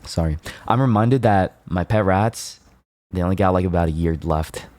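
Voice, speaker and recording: A man streaming, chatting casually and playfully with his chat, laughing often and rambling in quick asides. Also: low voice, darkish tone, dry recording.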